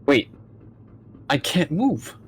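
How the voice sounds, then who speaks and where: A man's voice: fairly high pitch, big pitch swings, very slow, a little hiss or hum, heavily acted. A man voicing a flustered young male student in a fan voice-over, startled and stammering. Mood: bewildered. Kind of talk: fan voice-over of a game scene.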